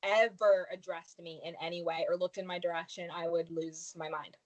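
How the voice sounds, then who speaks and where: A woman co-hosting a podcast who talks in animated, dramatic casual chat. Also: lowish voice, moderate pace. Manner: animated, dramatic about fandom. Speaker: podcast co-host.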